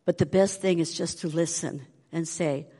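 A woman's voice: low-pitched, moderate pace, husky, big-room sound. An older woman tells her testimony animatedly, acting out the voices of the people in her story. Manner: animated, acts out quoted voices. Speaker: speaker giving a testimony.

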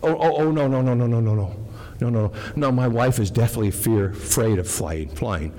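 A man's voice: on the high side, very animated, moderate pace, fairly bright tone. A man voicing an anxious husband in a told joke, hesitant and pleading. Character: anxious husband wishing for a happy marriage. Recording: long hall reverb.

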